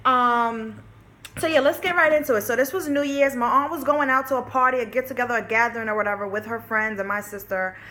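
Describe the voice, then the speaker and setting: Young woman vlogger, bright high voice, loose candid storytime delivery with plenty of swearing. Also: steady tone, a little fast. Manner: chatty and candid, swears freely, peppered with "like" and "you know". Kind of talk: casual storytime chat.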